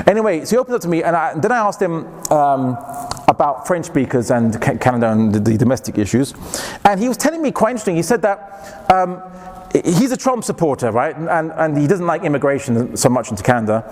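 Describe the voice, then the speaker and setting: A man giving a university lecture, lively and digressive, full of restarts and jokey asides. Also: fairly high pitch, fast talker, long reverb tail. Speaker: guest lecturer.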